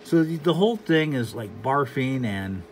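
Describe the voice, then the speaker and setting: A man's voice: mid-range voice, lively intonation, moderate pace, a little hiss or hum. A man giving a casual, rambling commentary on a comic book, dry and unimpressed, with frequent fillers and trailing thoughts.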